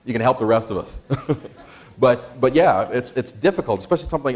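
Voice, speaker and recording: A man presenting an interactive workshop, energetic, quizzing the audience and laughing often. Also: medium pitch, fairly quick. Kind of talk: interactive stress-management workshop.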